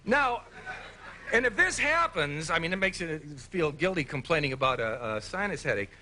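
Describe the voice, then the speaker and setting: A man, a comic actor and talk show guest, telling rambling deadpan jokes with quick asides. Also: fairly high pitch. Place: television studio before a live audience. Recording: studio audience noise behind.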